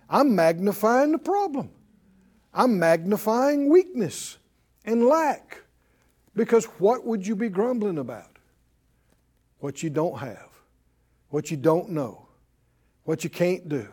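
A man's voice: high-pitched, darkish tone. A man preaching a sermon, who keeps quizzing his listeners with "Huh?". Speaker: preacher and Bible teacher.

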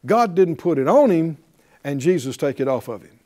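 A man teaching a Bible class in a fervent preaching style, breaking into hallelujahs and quick laughs. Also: fairly high pitch, sing-song, mellow.

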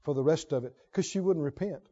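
A man preaching a sermon emphatically, swinging between loud declarations and hushed lines. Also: on the high side, fast talker, dull audio. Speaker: pastor.

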